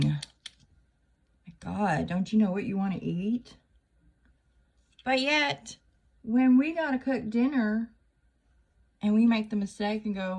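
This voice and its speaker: A woman's voice: mid-range voice, lively intonation, a little slow, gravelly, pauses often, a little mellow. A middle-aged woman, hosting her channel with a wry, chatty comedic monologue and laughing at her own jokes. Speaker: channel host.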